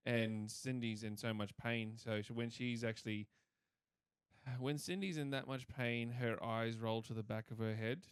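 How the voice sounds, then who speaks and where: This Australian man talks in a smooth, clean voice pitched right in the middle of the male range. He co-hosts a casual podcast chat, wandering through his stories with animated energy and plenty of swearing. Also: a little slow. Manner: rambling animated storyteller, swears freely. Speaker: podcast co-host.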